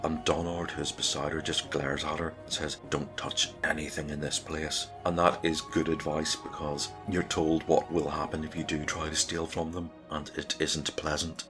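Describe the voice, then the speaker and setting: A man narrates his solo tabletop game in a relaxed, chatty way. His voice is very low, and soft music plays faintly behind him. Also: normal speed, hardly any pauses. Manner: relaxed, conversational storytelling.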